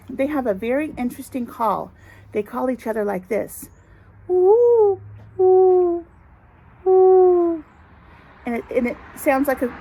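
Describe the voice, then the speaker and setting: A woman preschool teacher giving a gentle, sing-song circle time lesson to young children, talking outdoors in a front yard. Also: a little high, gravelly, a little hiss or hum, poor audio.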